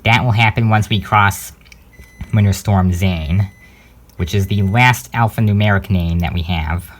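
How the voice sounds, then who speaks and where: Low-voiced young man hosting a channel update. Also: measured pace. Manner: rambling, many fillers, hesitant. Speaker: host of a home-made news show. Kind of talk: casual scripted channel update.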